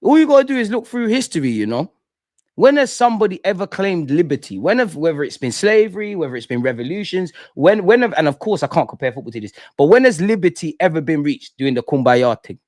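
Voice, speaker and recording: Young male host, heated slangy rant, higher pitch, dry room. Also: very animated, fast talker, darkish tone, dry recording. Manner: impassioned, repetitive, slangy ranting. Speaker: fan channel host. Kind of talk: emotional fan rant to live stream.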